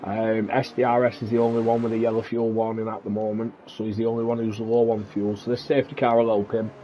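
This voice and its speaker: A man's voice: lowish voice, flat delivery, quick pace, dull audio, slight background noise. A man co-commentating a live sim race, chatty and laying out strategy and stats.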